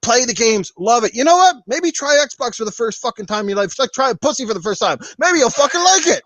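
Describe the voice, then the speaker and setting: A man's voice: very high voice, sing-song, fast, a bit bright, slight background noise. A man hosting a podcast, ranting with heavy profanity and mocking the people he argues against. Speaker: podcast host. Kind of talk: heated casual podcast rant.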